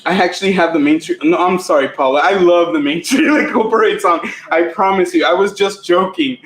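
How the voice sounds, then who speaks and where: A man's voice: high voice, a little fast, a little hiss or hum. A young man co-hosting a casual family livestream, joking around and playful. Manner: joking, playful, slips into silly voices and sound effects. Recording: roomy echo.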